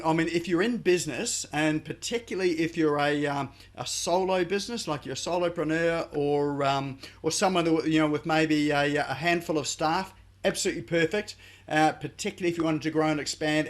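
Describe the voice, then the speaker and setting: A man who is a business coach, a guest on a radio interview, talking with many fillers and hesitations. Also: fairly high pitch.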